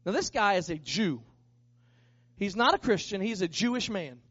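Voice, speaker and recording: A man who is a pastor, telling a lively story as part of a sermon and acting out the people in it. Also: high-pitched, normal speed, slightly rough, no echo, muffled recording. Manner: animated, acts out the people in his story.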